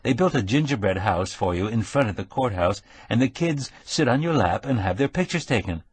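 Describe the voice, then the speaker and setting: A man's voice: mid-range voice, expressive, fairly quick, slightly rough. A man voicing a nervous young male secretary who pleads anxiously. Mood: pleading.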